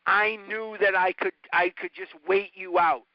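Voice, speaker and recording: A man's voice: high-pitched, steady tone, a little slow, no echo. Earnest man on a phone call. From north side of Chicago. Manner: earnest, repetitive, emphatic teaching. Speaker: recovery study leader. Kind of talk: talk to a recovery study group. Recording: dull, dry phone-call audio.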